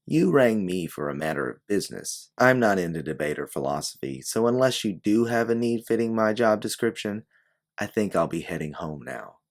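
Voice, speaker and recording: A man's voice: on the low side, lively intonation, normal speed, pitched above the performer's own voice. A man voicing a guarded woman private investigator who talks in a wry, blunt, businesslike way. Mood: dry.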